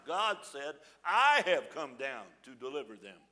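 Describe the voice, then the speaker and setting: Pastor, male, folksy sermon delivery, high bright voice, scripture read with dramatic pauses. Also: sing-song.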